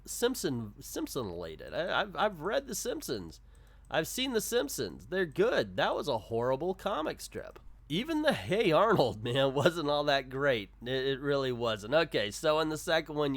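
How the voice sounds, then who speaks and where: A man's voice: mid-range voice, fairly bright tone, no echo. A man giving casual comic commentary, blunt and rambling with frequent stammers. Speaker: comic reviewer.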